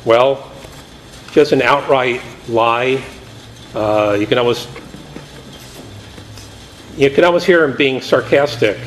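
A man's voice: mid-range voice, slow pace, pauses often, slight background noise, poor audio. A man preaching a Bible study sermon in a conversational way, paraphrasing scripture and acting out the quotes with energy.

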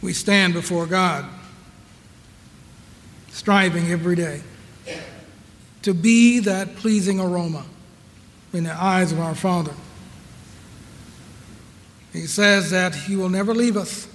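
A man preaching in a notably high voice, drawing out each phrase at a slow, deliberate pace. He leans on repeated rhetorical questions, and his words ring out with a long echo of the hall. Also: a bit bright, a little hiss or hum. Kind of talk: sermon.

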